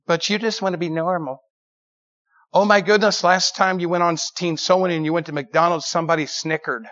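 A middle-aged man preaching in an animated, emphatic storytelling style, often repeating words as he builds a story. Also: on the high side, brisk. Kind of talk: storytelling sermon. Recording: dull lo-fi sermon recording.

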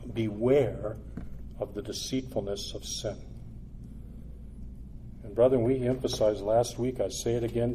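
Earnest, emphatic male preacher. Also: a little hiss or hum. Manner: builds to loud emphatic peaks, then drops low and quiet; earnest, repetitive, exhortative. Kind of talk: sermon.

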